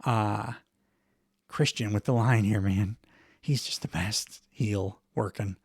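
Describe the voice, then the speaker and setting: A man's voice: lowish voice, steady tone, takes it slowly, slightly rough, dry recording, studio quality. Wry rambling man recapping wrestling. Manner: rambling, wry, chuckles often, many fillers. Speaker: podcast host. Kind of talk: casual solo wrestling recap.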